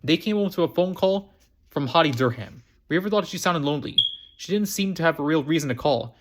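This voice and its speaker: A man reading a novel aloud on his own storytime channel, pitched a little high. He stumbles often, restarts words and repeats phrases as he goes. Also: animated, brisk, background noise. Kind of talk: amateur book reading.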